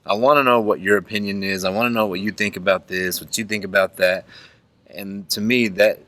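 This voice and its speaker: A man's voice: on the low side, fairly even intonation, a little fast, fairly bright tone. A man hosting a faith podcast, talking in an earnest, rambling way with many restarts. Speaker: podcast host. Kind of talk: casual chat.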